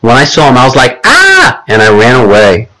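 A man's voice: mid-range voice, fast talker, natural voice, rough recording. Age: child. Figure: a man voicing a whiny little boy. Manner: whining, excitable. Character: young boy in second grade, whiny. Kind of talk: audiobook character voice.

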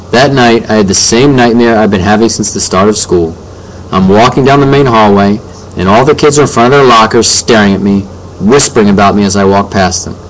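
A man narrating a first-person story as an audiobook reader, in plain, steady tones. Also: fairly low pitch, slight background noise, rough recording.

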